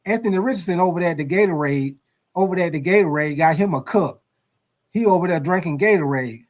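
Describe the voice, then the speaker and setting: A man hosting a sports talk livestream, ranking players in a slangy, animated storytelling style full of curses. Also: high voice, fast talker. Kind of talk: casual sports commentary.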